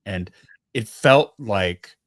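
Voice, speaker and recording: A man's voice: on the low side, drawn-out words, no echo, studio quality. A middle-aged man, a guest actor, telling stories in a casual stream chat and acting out the quotes. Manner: animated storyteller, acts out quotes.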